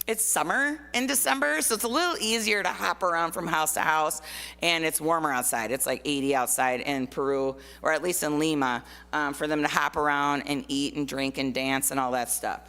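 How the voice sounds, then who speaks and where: A woman's voice: low voice, fairly quick, bright, forceful tone. Chatty middle-aged woman in a reverberant hall. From Minnesota, US. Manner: chatty, laughing, many fillers. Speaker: guest speaker, artist. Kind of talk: casual personal talk. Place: church hall.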